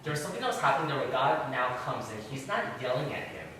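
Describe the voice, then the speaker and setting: A man teaches a church class, firing questions at the group in an animated, up-and-down voice. He sits well back from the mic, and the room rings with heavy echo over a faint hiss. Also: mid-range voice, fast. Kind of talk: interactive Bible teaching. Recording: very echoey room, far from mic.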